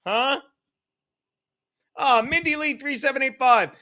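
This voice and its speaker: A man's voice: very high voice, a little slow, sharp tone. A man hosting a casual livestream chat, loose and profane, reading viewer comments aloud. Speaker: livestream podcast host.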